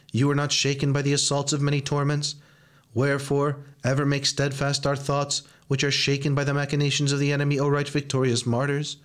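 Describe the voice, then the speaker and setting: Smooth-voiced man chanting prayers. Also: mid-range voice. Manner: solemn chanted recitation. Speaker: reader of prayers. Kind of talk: liturgical chanting.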